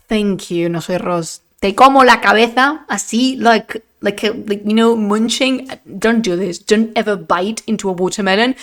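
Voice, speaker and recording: This slightly high-voiced woman, whose first language is Spanish, chats casually on a live stream from home, on camera with a desk microphone. Talkative and expressive, she laughs often and mixes in Spanish phrases.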